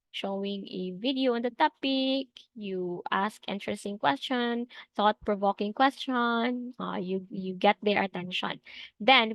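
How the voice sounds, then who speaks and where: A woman's voice: fairly high pitch, dry recording. A woman with a Filipino accent giving an exam review lecture for teachers, explaining step by step and often checking with "no?". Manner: explains step by step, switches between English and Tagalog, asks "no?" for agreement.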